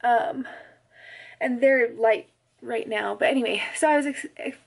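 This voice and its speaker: Young woman, slightly high-pitched, chatty vlog storytelling, frequent laughs, casual fillers. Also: measured pace, gravelly. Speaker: pregnancy vlogger.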